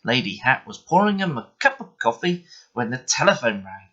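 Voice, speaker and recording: A man reading a bedtime story aloud in an expressive, measured way. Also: mid-range voice, slightly rough, soft background music. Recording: muffled lo-fi recording.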